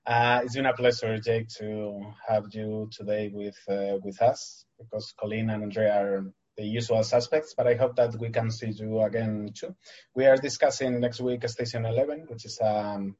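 Man, book club host, low voice, muffled lo-fi audio, polite, measured, video call. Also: fairly even intonation, darkish tone. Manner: polite and measured, wraps up the session. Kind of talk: casual discussion.

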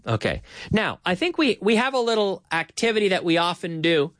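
A man with a slightly raised voice hosts a relaxed English lesson. He explains things slowly, repeats key phrases, and adds Spanish translations. His voice sounds dry, with no room sound. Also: high voice, no room sound. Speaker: English teacher host. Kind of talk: casual language lesson.

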